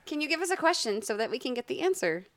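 A woman co-hosting a podcast in casual chat, encouraging and quick to laugh. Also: high voice, sing-song. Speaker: podcast co-host.

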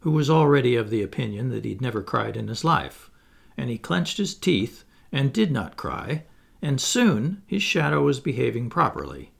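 Expressive gravelly male storyteller. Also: medium pitch, moderate pace. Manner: lively, expressive read-aloud with playful asides. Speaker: audiobook reader. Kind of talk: storybook narration.

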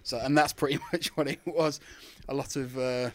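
A man's voice: medium pitch, fairly even intonation, moderate pace. A British man, a former wrestler, telling stories as a guest and laughing often. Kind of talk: casual storytelling.

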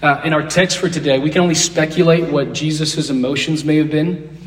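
A man's voice: a little high, fairly even intonation, brisk. A man leading an interactive Bible lesson, asking the class questions and repeating key phrases. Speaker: Bible teacher. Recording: roomy echo, distant mic.

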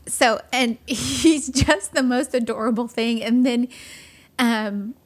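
Woman in a casual chat, kinda high-pitched, quick little reactions. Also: steady tone.

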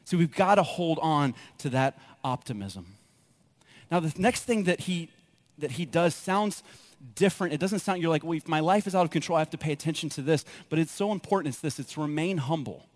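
A man preaching a sermon as pastor, telling personal stories and acting out his own reactions with lively energy. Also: a little high, fairly quick. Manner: animated storytelling, acts out his own reactions.

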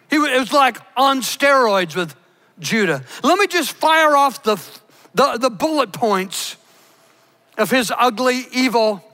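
Guy preaching a sermon, really high voice, bright and punchy, leans hard on words. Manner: emphatic, slows down to stress words. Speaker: pastor. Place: church.

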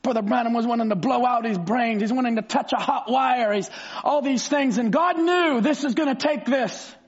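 A male preacher delivering a fervent sermon, bursting into shouts and stretching out words for emphasis. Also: very high voice, normal speed. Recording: slightly dull recording.

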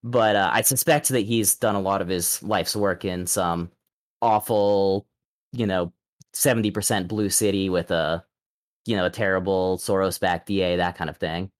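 Caller: low-pitched man from Texas, measured and halting, dry close sound. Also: fairly even intonation, no echo. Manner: measured, hesitant with fillers. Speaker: caller, prosecutor. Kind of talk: casual call-in chat.

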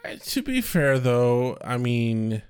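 A man's voice: medium pitch, big pitch swings, slow, darkish tone, clean tone. A man co-hosting a casual recap chat, dry and explanatory, swearing casually. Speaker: podcast co-host.

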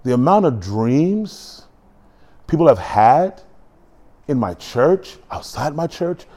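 Man preaching, sermon, animated, jokes, acted-out quotes, lively pitch, mellow tone. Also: slow pace. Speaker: pastor. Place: church.

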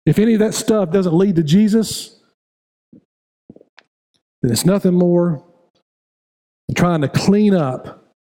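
Slow and warm, with frequent pauses, a middle-aged pastor whose voice sits high delivers a sermon in a church sanctuary. He builds to raised, repetitive appeals directed at the congregation.

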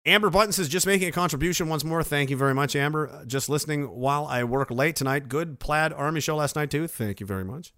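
Reading out messages from viewers on his casual livestream, a middle-aged man reacts with sarcastic, freely profane ranting. He speaks fast with few pauses in a slightly high, fairly bright voice, captured in studio quality with no room sound.

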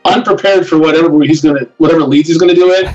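Man, band member, eager halting chat, set back from mic. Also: fairly high pitch, distant mic, highs cut off, soft background music. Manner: excited, halting restarts. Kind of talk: casual podcast chat.

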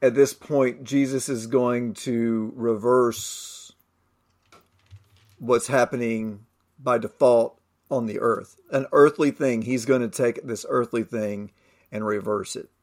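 A man co-hosting a Bible discussion podcast, thoughtful and halting, reading scripture aloud. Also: mid-range voice, fairly even intonation, darkish tone. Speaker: podcast co-host.

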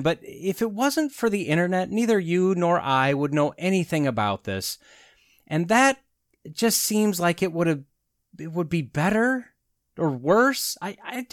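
A man's voice: on the high side, no echo, studio quality. A man in his forties hosting a podcast, delivering a sardonic casual monologue full of rhetorical questions. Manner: sardonic, rhetorical questions, chuckles at own jokes. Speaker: podcast host.

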